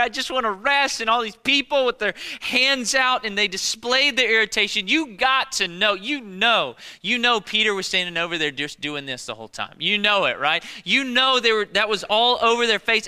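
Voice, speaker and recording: A man preaching a sermon as a pastor, animated and conversational, with lots of rhetorical questions. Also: high-pitched, smooth, big-room sound.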